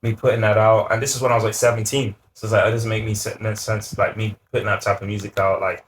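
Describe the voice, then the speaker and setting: A young man talks fast in a lowish voice, rattling through casual interview answers. He often lets his sentences fade to a quiet mumble at the end. A soft hiss sits faintly behind him. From Ireland. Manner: rapid, relaxed, trailing off into quiet asides. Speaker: guest singer.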